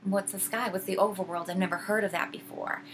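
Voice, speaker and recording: A woman voicing a sly female witch who stays nice, calm and coaxing as she questions. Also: mid-range voice, brisk, slight background noise, natural voice.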